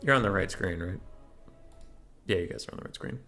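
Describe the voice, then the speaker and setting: A man's voice: sits low, lively intonation, fairly quick, pushed and bright, faint music behind. A young man casting a strategy game tournament, chatty and joking as he thinks aloud about the matchups. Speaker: tournament caster. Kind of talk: casual game commentary.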